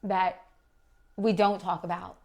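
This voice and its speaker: A middle-aged woman, a podcast guest, talking in a reflective and halting way. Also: on the low side, flat delivery, a little mellow. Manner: reflective, halting, restarts often. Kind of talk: casual chat.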